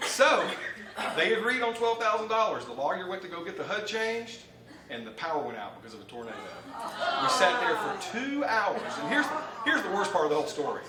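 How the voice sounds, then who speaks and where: A man in his fifties from Alabama with a Southern American accent, a mortgage lender giving a folksy, animated training talk to a live audience. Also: sits high, fairly quick, noisy background. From Alabama, USA. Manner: folksy, animated storyteller, laughing often. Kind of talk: live training presentation with anecdote. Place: conference room with live audience. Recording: roomy hall, distant mic, ambience.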